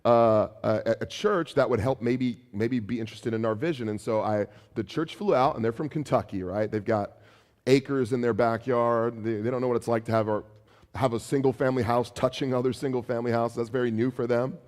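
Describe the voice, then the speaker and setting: A man preaching as pastor, animated, acting out taunts in a raised voice, with some restarts. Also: medium pitch, moderate pace, long reverb tail. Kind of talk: sermon.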